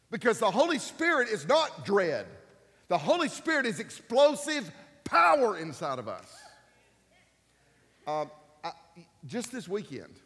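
A man in his fifties preaching a sermon with emphatic repetition, building to loud peaks. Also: sits high, wildly swooping pitch, unhurried, pauses often. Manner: emphatic, repeats key phrases, rising to loud peaks. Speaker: pastor. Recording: long reverb of a church hall.

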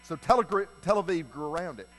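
A male preacher giving a sermon, retelling a Bible story in a folksy, animated way. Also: a little high, normal speed, big-room sound, poor audio.

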